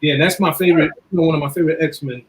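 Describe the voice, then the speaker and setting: A man's voice: on the high side, very fast, slight background noise, poor audio. A man co-hosting a talk show, speaking casually and easily, with frequent fillers. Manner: easygoing, filler-heavy. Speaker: podcast co-host. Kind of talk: casual chat.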